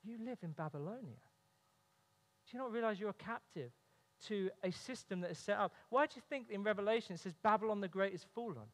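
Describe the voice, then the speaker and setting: A man with a high voice delivers an earnest sermon and mixes in humorous stories from home. His words ring out under the long reverb of a church hall. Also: animated, fairly quick, a bit bright. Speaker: pastor. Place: church sanctuary.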